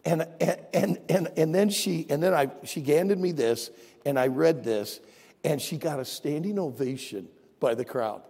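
Gravelly pastor preaching in a reverberant hall. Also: male voice, on the high side, a little slow, a little mellow. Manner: storytelling, swelling to emphatic exhortation. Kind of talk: sermon.

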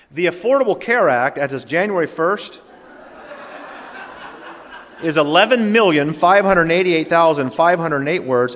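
Brief: male pastor, emphatic and repetitive preaching, slightly high voice. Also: fairly bright tone. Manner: emphatic, repetitive, addresses congregation directly. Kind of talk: sermon. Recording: reverberant hall.

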